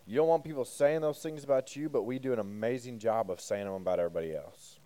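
This youth pastor speaks quickly in a medium-pitched voice with a dark tone. His casual sermon is conversational, as he asks the group questions and jokes around between points.

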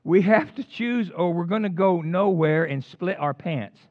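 Older man, pastor, sermon, animated storytelling, casual slang, high voice, dull dry lo-fi recording. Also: unhurried, no room sound.

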